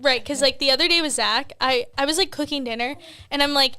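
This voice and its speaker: A woman's voice: sits high, a little fast, sharp tone. A young adult woman co-hosting a podcast from home, chatting candidly and laughing often, with frequent swearing. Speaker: podcast co-host. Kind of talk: casual chat. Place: at home, children heard downstairs.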